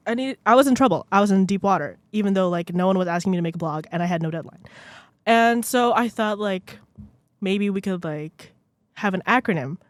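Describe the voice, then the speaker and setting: A young woman hosts her own podcast, chatting casually in a rambling, self-deprecating way and packing every sentence with "like." Her pitch and loudness swing lively, and she sometimes drifts away from her podcast microphone. There's no room sound.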